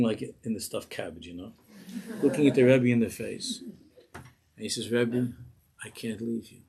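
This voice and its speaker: Gravelly-voiced rabbi telling a story. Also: male voice, medium pitch. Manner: animated storytelling, acts out voices in the tale. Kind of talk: sermon with storytelling. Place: synagogue.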